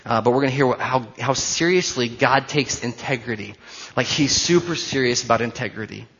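A man in his forties, a pastor, giving a conversational sermon with jokes, then leading a quiet prayer. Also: mid-range voice, brisk, breathy edge, muffled recording.

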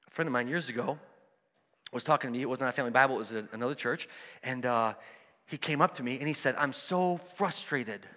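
A man preaching a sermon, conversational and animated, acting out the voices of people in his stories. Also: medium pitch, fast talker, in a large hall. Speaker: pastor.

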